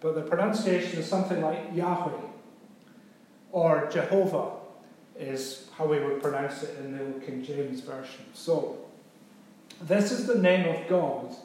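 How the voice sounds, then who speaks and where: A man preaching a sermon, talking it through like a teacher and pausing to ask if everyone is with him. His voice sits a little higher than most men's. The recording carries a heavy echo from a big reverberant room. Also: a little mellow, a little hiss or hum. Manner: conversational teaching, checks in with "okay?". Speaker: pastor. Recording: very echoey room.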